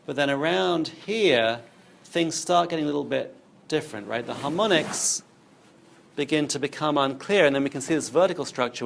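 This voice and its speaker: Male lecturer with a gravelly, fry-heavy voice, thinking aloud through a demo; faint background noise. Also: mid-range voice. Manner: explains while demonstrating on screen, thinking aloud. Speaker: university lecturer. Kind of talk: recorded university lecture.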